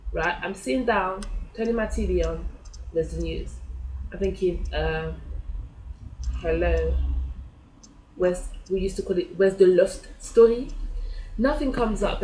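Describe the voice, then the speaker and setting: A woman's voice: medium pitch, a little hiss or hum. A woman, telling a personal story in a chatty way and acting out her own reactions. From France. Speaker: vlogger. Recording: echoey room.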